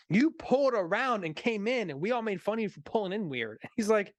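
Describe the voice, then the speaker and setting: A man's voice: high-pitched, very animated, brisk, no room sound, studio quality. A man in his thirties co-hosting a movie stream, telling a story in casual chat with profanity and frequent laughter. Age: 30s. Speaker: co-host.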